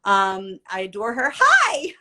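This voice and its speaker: A woman's voice: on the high side, moderate pace, fairly bright tone. Chatty woman livestream host in her forties. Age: 40s. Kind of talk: casual livestream chat.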